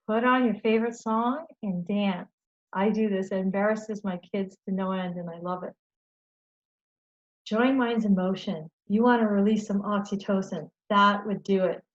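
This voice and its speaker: A woman presenting a webinar for caregivers, talking in a gentle, reassuring way and often checking in with "okay?". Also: medium pitch, highs cut off. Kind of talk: educational webinar talk.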